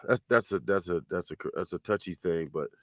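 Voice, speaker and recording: A man's voice: low voice, moderate pace, no room sound, studio quality. A male show host giving casual reaction commentary, laid-back and easygoing, often repeating himself.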